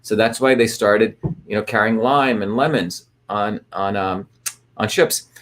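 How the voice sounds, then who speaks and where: A little slow and lowish in pitch, his voice carries a bit of brightness. He's a man hosting a laid-back livestream who greets viewers by their locations and explains things loosely, with many fillers and restarts.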